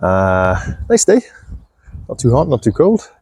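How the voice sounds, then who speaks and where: A man chatting casually while he shows his farm and garden, relaxed and self-deprecating, with a clip-on mic. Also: medium pitch, a little slow. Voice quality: gravelly. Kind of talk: casual walk-and-talk vlog. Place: outdoors on a farm and in a polytunnel. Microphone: clip-on mic on clothing.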